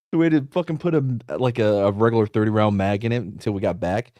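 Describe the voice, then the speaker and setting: A man's voice: fairly low pitch, quick pace, mellow, no room sound. Profane storytelling man, dry close sound. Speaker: podcast host. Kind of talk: casual storytelling chat.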